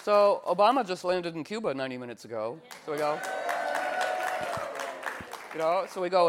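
A man with a slightly higher voice gives a loose, informal spiritual talk. He tells playful stories and slips into acting out the people he quotes. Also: brisk, some chatter behind. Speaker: spiritual teacher.

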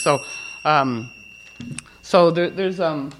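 A man's voice: mid-range voice, moderate pace, slight background noise. A man giving an informal talk, rambling with fillers and restarts, and playfully telling anecdotes in which he acts out the people he quotes. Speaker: speaker.

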